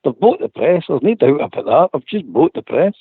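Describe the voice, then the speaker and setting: A man calling in to a radio phone-in, talking fast and repeating himself. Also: on the high side, big pitch swings, breathy edge, no room sound. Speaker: caller. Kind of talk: casual phone-in chat. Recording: tinny dry phone line.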